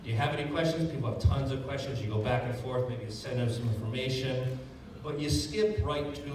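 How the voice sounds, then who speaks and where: A man giving a sales training talk to an audience, energetic and jokey, recorded from a distance in a large echoey hall. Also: medium pitch, a little fast. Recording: echoey hall, distant mic, faint room noise.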